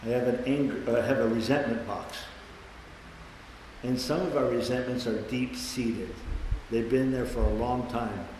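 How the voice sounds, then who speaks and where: A man's voice: medium pitch, fairly even intonation, a little slow, a little hiss or hum. Older man in an echoey hall. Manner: blunt, swears casually, acts out quotes loudly. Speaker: recovery meeting speaker. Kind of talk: personal testimony talk. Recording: echoey hall with faint ambience.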